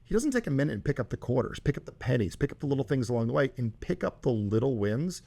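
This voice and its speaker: A man's voice: mid-range voice, very animated, quick pace, gravelly. Emphatic man coaching a caller. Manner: emphatic, rising to loud bursts. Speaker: host and coach.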